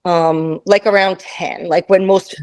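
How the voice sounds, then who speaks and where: A woman in her fifties, a guest, telling a travel story in casual chat, animated and laughing, acting out the voices of people in it. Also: on the low side, a little slow, rough recording. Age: 50s.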